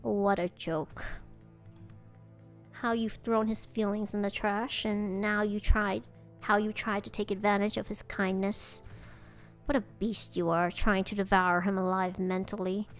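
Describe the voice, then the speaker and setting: A woman's voice: mid-range voice, flat delivery, measured pace, faint music behind, lightly acted. A woman voicing a cold, haughty male spirit who speaks with mocking contempt, in a fan-made dating game. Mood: contemptuous.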